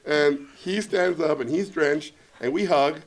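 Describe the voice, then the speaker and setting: A man telling a comic anecdote to a student audience, animated and laughing as he acts out quoted lines. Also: a little high, measured pace, a crowd in the background. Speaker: guest filmmaker at a student Q&A.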